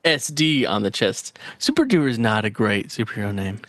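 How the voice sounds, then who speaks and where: A man's voice: fairly low pitch, animated, moderate pace, fairly bright tone, no echo, clean studio sound. A man co-hosting a podcast in casual chat, telling the story with enthusiasm and frequent laughs. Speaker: podcast co-host.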